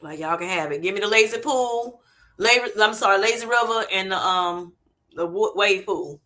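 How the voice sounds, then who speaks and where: A woman's voice: medium pitch, moderate pace, bright, forceful tone. A middle-aged woman chatting casually with viewers on a livestream, laughing often and calling them honey and y'all. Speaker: livestream host. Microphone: streaming setup.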